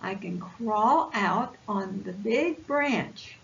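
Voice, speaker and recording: A woman voicing an eager, bold young male possum from a picture book, speaking in a quick, excited way. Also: mid-range voice, gravelly, highs cut off, heavily acted.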